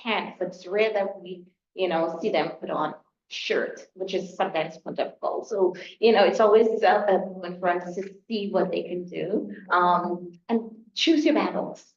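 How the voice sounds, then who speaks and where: An older woman, a toddler teacher on a parent panel, telling stories in a lively conversational way. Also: on the low side, moderate pace, a little hiss or hum. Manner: animated storytelling, acting out a child's voice. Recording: echoey room, slightly muffled.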